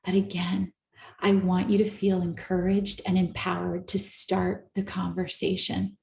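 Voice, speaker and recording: A woman therapist giving an earnest, coaching talk to a live audience, slowing down to stress her points. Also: on the low side, flat delivery, vocal fry, a little mellow, roomy sound, slight background noise. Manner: earnest, coaching, slows down for emphasis. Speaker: therapist and speaker.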